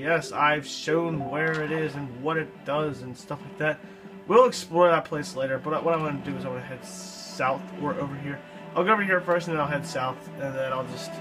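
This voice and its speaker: A man's voice: on the high side, rough recording. A young man commentating a video game he is playing, frustrated and swearing often. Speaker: gameplay commentator. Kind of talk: let's play commentary. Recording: game music underneath.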